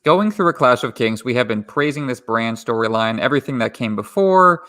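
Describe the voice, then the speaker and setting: A man co-hosting a podcast, giving measured, analytical commentary on a novel. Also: medium pitch, expressive, bright, forceful tone, no room sound. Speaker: podcast co-host.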